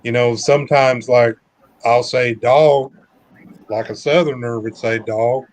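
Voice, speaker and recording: A man's voice: medium pitch, steady tone, normal speed, no echo. A man in his fifties with a mild, shifting Southern US accent, chatting in an easygoing, rambling way as a truck driver guest on a live stream. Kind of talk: casual live-stream chat.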